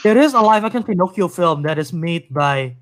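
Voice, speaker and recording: A man hosting a casual podcast chat, animated and rambling, laughing easily. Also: high-pitched, brisk, slight background noise. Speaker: podcast host.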